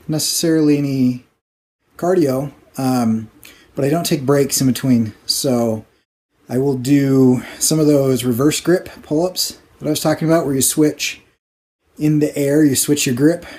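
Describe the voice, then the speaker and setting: Man, out of breath, casual vlog chat, rambling, mellow dark voice. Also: mid-range voice. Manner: rambling, many fillers. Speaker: vlogger. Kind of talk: casual talk while working.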